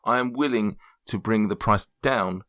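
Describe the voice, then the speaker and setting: A man voicing a mysterious shop owner who bargains in formal, measured speech. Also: fairly low pitch, a bit bright, close to an everyday voice. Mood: haggling.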